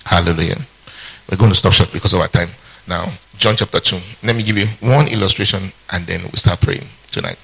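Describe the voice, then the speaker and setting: A man's voice: deep voice, sing-song, a little fast, creaky, sharp tone, slightly rough, rough recording. A man preaching a sermon who keeps asking the congregation to finish his sentences, with humorous asides along the way. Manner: call-and-response questions to the congregation. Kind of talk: sermon teaching.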